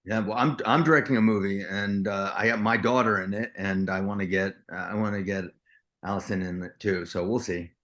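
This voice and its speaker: A man's voice: fairly low pitch, steady tone, fairly quick, a bit bright. Enthusiastic rambling man. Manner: enthusiastic, rambling with many restarts. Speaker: actor guest. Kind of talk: casual interview chat.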